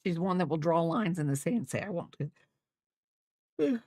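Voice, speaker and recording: A middle-aged woman hosting a crochet channel chats casually with viewers while she crochets, replying to them and trailing off mid-sentence. Her low-leaning voice is expressive and a little mellow at a moderate pace, with no room sound.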